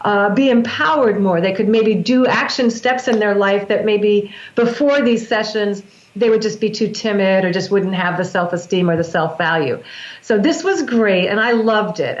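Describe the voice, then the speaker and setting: A woman guest on an interview show, a breath work practitioner explaining her practice in an earnest, teaching manner with frequent restarts. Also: mid-range voice. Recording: roomy, dull lo-fi sound.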